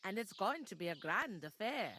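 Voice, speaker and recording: A blunt Yorkshire tavern keeper. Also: female voice, mid-range voice, sing-song, moderate pace, pushed and bright, slight background noise. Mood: matter-of-fact. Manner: blunt, gossipy, folksy. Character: brusque village tavern woman, practical.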